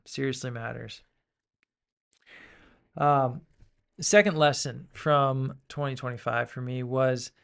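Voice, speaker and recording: A man talks through his podcast in an easy, rambling way, circling back with fillers and restarts. His voice has a gravelly edge and sits at a middling pitch. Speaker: podcast host. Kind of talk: casual spiritual podcast talk.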